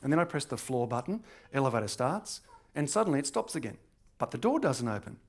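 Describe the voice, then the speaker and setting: A middle-aged Australian man, a stand-up comedian, telling a true funny story in a lively, animated way. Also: mid-range voice, brisk. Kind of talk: comic storytelling.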